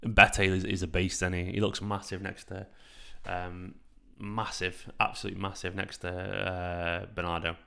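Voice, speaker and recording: Raspy gravelly man talking in a hush. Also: sits low, flat delivery, normal speed. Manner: hushed, half-whispered talk. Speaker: fan channel host streaming a match watchalong. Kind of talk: casual live chat with viewers. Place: at home late at night. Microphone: streaming microphone.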